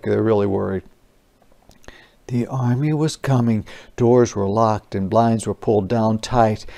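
Slow, creaky-voiced storybook teacher. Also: medium pitch. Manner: expressive, defines words for children, asks questions. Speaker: kindergarten teacher. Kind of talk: interactive children's read-aloud.

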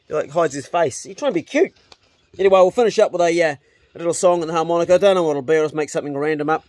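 A man's voice: a little high, very fast, a little mellow, dry recording. A man with a New Zealand accent chatting casually outdoors for his homesteading vlog and talking fondly to his dog. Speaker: homesteading vlogger. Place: outdoors on a beach.

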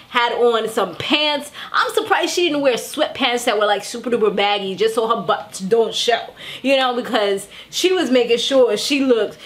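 A young woman casually recapping a reality TV episode in a chatty, animated way. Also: fairly high pitch. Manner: chatty and animated, acts out quotes. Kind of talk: casual chat.

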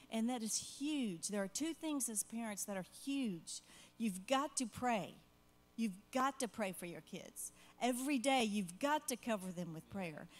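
A woman's voice: on the high side, slight background noise. An older woman, a grandmother, sharing heartfelt parenting advice in a church Q&A conversation, earnest and rambling with asides.

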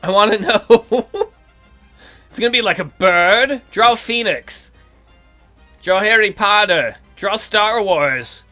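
Excitable high-voiced male game commentator. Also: slow pace, long pauses, soft background music. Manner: excitable and jokey, swears freely. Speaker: let's play host. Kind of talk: casual gameplay commentary.

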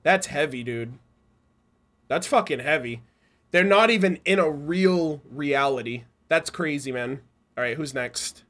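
A man reacting casually to a video game trailer, excitable, swearing freely and breaking into loud laughs and shouts. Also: on the high side, a little slow. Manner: swears freely, says dude and bro.

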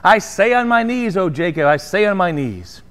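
A man's voice: high voice, very animated, normal speed, fairly bright tone, clean tone. A man reading aloud as an elderly miser overjoyed at a second chance, in a giddy, exclaiming voice. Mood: rapturous. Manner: giddy, exclaiming, breathless with delight. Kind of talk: dramatic reading from a classic novel.

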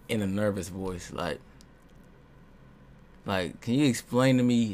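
A young man streaming a video game, commenting casually, swinging from low muttering to loud yelps. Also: measured pace, pauses often. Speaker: gaming streamer.

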